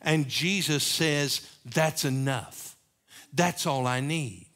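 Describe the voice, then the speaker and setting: A man preaching a sermon as pastor, moving between emphatic raised passages and hushed, repeated lines. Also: mid-range voice, slow pace. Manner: preaching with swings from loud emphatic peaks to hushed, repeated phrases.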